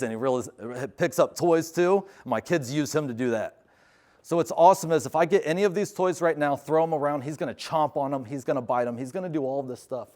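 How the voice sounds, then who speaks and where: A man's voice: mid-range voice, darkish tone. A middle-aged man, a veteran, speaking earnestly to a university class about service dogs and breaking off to give his dog firm commands. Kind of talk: live class talk and demonstration.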